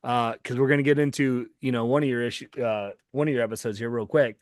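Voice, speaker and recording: A man's voice: mid-range voice, steady tone, fast, dry recording, clean studio sound. A man hosting a casual interview, asking questions in a friendly, hesitant way full of fillers. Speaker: comic show host, interviewer.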